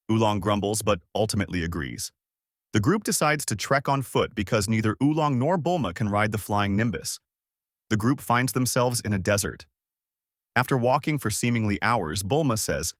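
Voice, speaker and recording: A man's voice: lowish voice, animated, moderate pace, no echo, studio quality. A man reading a fan story aloud as narrator, in plain storytelling.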